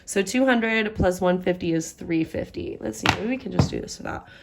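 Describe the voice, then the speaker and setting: A woman's voice: medium pitch, normal speed, creaky, heavy background noise. A young woman casually walking through a budget, chatting and thinking aloud as she works out the sums. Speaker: budgeting vlogger.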